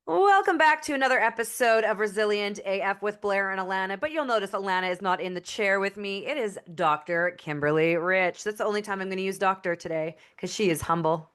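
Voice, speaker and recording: A woman's voice: medium pitch, a little fast, hardly any pauses, fairly bright tone, clean tone. A woman with a Canadian accent hosting a podcast, chatty and friendly as she guides the conversation with questions. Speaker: podcast host. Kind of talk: casual interview hosting.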